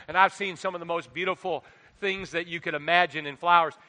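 A middle-aged man preaching a sermon into a microphone, animated, swinging between quiet asides and loud exhortation. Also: fairly high pitch, a little fast. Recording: long hall reverb.

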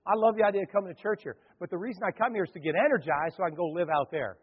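Animated husky pastor in a hall. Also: male voice, sits high, racing. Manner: animated, acts out crowd voices. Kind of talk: sermon with storytelling. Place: church hall. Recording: dull lo-fi hall recording.

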